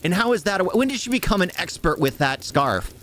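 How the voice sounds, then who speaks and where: A man's voice: sits high, sing-song, brisk, a bit bright, slight background noise. Sarcastic, exasperated male movie reviewer. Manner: sarcastic, exasperated, rhetorical questions. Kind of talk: casual ranting review.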